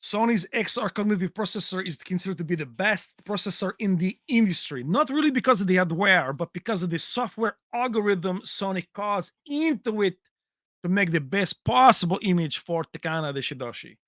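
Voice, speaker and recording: A man puts on a stiff, accented product spokesman who reads out praise in a mock-formal announcer tone. The voice sits higher than a man's usual and sounds bright. It swings widely in pitch, like a showy pitch for a product. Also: lively intonation, brisk, no echo, clean studio sound. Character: adult male product spokesman with a put-on accent.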